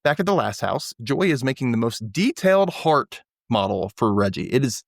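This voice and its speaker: A man's voice: mid-range voice, sing-song, normal speed, creaky, no room sound, clean studio sound. A man hosting a podcast, casually recapping a TV episode and acting out the characters' lines in little voices. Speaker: podcast host.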